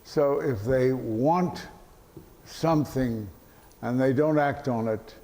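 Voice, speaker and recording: An older man with a mid-range voice, a veteran actor, answers questions as an interview guest during a relaxed panel conversation before an audience in an event hall. He halts often, leans on fillers, and drops dry deadpan jokes, and the hall's echo comes through in the recording.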